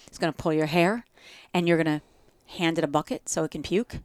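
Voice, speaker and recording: Smooth-voiced woman with a New Jersey accent. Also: sits low, steady tone, a little fast, no room sound. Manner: reflective, spiritual, talks in metaphors. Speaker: guest. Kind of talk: casual podcast conversation.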